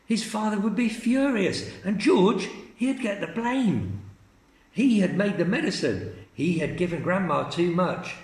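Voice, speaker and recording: Slow, expressive male storyteller. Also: high-pitched, reverberant. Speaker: teacher. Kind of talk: reading a storybook aloud to children.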